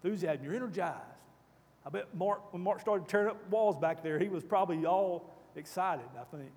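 Man, Bible class teacher, quizzes the group, reads verses aloud, slightly high voice, long hall echo. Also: moderate pace, darkish tone. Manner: asks the group questions and reads scripture aloud.

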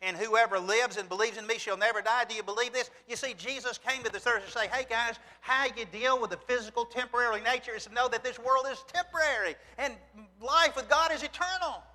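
A fast-talking preacher with a high voice barely pauses during his earnest sermon. He puts rhetorical questions to listeners and reads scripture in a very bright, forceful tone, with a long hall reverb echoing as in a church sanctuary.

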